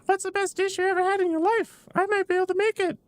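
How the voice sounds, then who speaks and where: A man's voice: extremely high pitch, flat delivery, quick pace, no room sound, voice pushed up. A man voicing a small, cheerful childlike alien boy who cooks, talking eagerly and curiously. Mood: chirpy.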